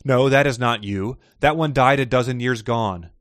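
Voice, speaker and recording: A man's voice: medium pitch, moderate pace, a bit bright, no echo, clean studio sound. A man hosting a casual podcast chat, reading passages aloud with expression and laughing often. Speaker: podcast host reading excerpts.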